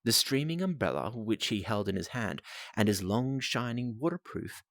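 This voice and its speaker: A man reads a novel aloud on a live stream with a low voice and lively inflection. He drops in casual asides and goes back over lines. The recording is close and dry. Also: moderate pace, no echo.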